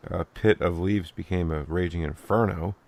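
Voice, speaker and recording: Gravelly low-voiced man telling stories. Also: normal speed, a little mellow. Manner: swearing, laughing storyteller. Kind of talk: casual chat.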